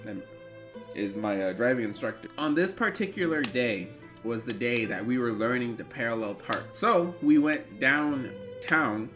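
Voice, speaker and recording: A man in his twenties telling an animated, rambling story in a storytime vlog. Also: medium pitch. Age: 20s. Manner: animated, rambling, bursts into yelps. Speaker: vlogger.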